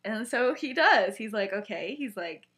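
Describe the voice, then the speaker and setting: A woman's voice: fairly high pitch, animated, normal speed, sharp tone. Chatty young woman retelling a story. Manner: chatty, heavy use of "like" and "he's like" quotes. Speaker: podcast co-host.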